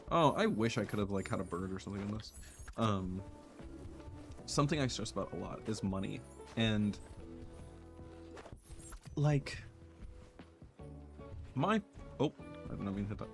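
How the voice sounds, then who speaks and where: A young man streaming a game, talking in a soft, earnest, rambling way with many fillers and restarts. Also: fairly low pitch. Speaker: gaming streamer. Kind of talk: reflective casual chat while playing.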